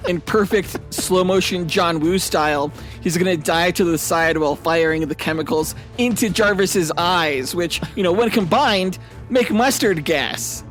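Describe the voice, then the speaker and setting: A man's voice: high-pitched, normal speed, few pauses, faint music behind. A man co-hosting a podcast, telling an over-the-top fight scenario playfully and laughing along. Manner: animated, laughing storyteller. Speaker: podcast co-host. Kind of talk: playful comedic debate.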